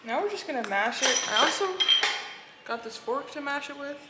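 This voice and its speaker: A woman's voice: high voice, lively intonation, normal speed, very noisy. Chatty woman vlogging in an echoey kitchen. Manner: chatty, addresses viewers, self-deprecating. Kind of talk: casual vlog chat while cooking. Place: home kitchen. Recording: echoey kitchen with clattering dishes.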